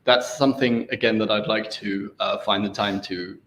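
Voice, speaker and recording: A man's voice: on the low side, steady tone, moderate pace, fairly bright tone. A young man presenting his research at an academic seminar, hesitant with many ums and restarts, over a video call. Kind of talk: academic seminar talk and answers. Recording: roomy, faint noise.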